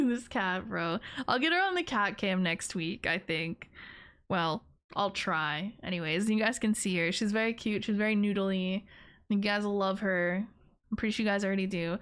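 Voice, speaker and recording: A woman's voice: medium pitch, fairly bright tone, clear, resonant tone. A woman streaming live, chatting casually with her viewers in a rambling, giggly, playful way. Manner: playful teasing of her chat.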